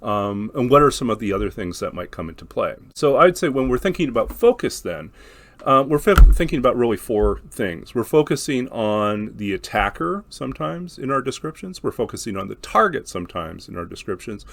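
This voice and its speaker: A man's voice: mid-range voice, very animated, brisk, vocal fry, a bit bright, dry recording. A man teaching how to describe combat in tabletop games, talking in a thoughtful, explanatory way with frequent ums and restarts. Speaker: game master teaching description. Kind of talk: instructional talk.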